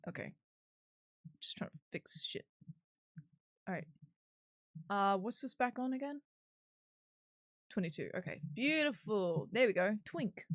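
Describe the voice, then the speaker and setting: A woman's voice: medium pitch, lively intonation, unhurried, long pauses, no echo, studio quality. A woman streamer chatting casually while she works on a 3D model, giggly and swearing now and then.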